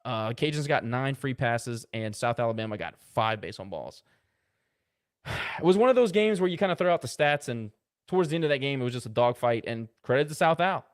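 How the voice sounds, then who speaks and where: A man co-hosting a casual sports podcast, rattling off box-score stats with quick asides. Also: mid-range voice, lively intonation. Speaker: podcast co-host.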